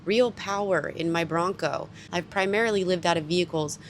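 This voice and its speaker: A woman's voice: on the low side, moderate pace, slight background noise. A woman talking casually to the camera as a vlogger who lives out of her vehicle, chatty and emotional, laughing and gasping often, speaking in and around her truck outdoors. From California. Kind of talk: casual vlog talk to camera.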